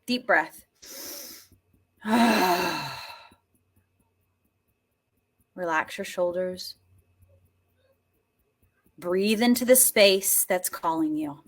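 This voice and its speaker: Slow, sighing woman guiding a session. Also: on the low side. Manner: slow, breathy, emotive, with frequent sighs; coaxing, repeats phrases for the listener to say back. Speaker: healing session guide. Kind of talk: guided tapping session.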